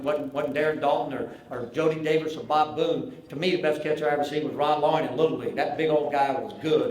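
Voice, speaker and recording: A man's voice: a little high, a little hiss or hum. A man in his sixties with a Southern US accent, telling a humorous story at a banquet and acting out the dialogue. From American South. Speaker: banquet speaker, former pitcher. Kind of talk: humorous after-dinner storytelling. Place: large banquet hall. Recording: very echoey banquet hall.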